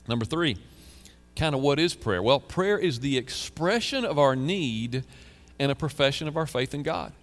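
A man's voice: mid-range voice, lively intonation, moderate pace, faint music behind. Earnest preacher man in a reverberant hall. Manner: earnest preaching, reading psalms aloud with emphasis; conversational asides, repeats phrases. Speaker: pastor. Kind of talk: sermon.

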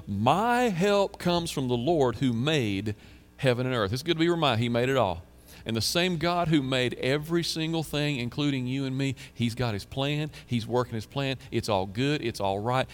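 A man's voice: mid-range voice, expressive, normal speed, long reverb tail. A man preaching a sermon as pastor, earnestly reading psalms aloud with emphasis and conversational asides. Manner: conversational asides, repeats phrases.

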